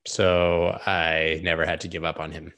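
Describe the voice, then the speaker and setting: A man hosting a live stream, analysing trading charts in a casual, joking, rambling way with quick asides. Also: low voice, little pitch movement, fairly bright tone.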